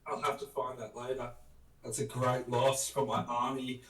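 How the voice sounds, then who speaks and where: A man's voice: medium pitch, flat delivery, normal speed, fairly bright tone. Joking man, echoey and distant. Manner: joking, banter-filled. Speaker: streamer. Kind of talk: casual chat on a livestream.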